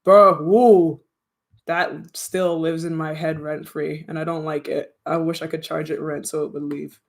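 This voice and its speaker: A young adult streamer chatting casually with viewers, rambling, slangy and quick to laugh. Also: mid-range voice, monotone. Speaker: streamer and audio creator. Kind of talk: casual livestream chat with viewers.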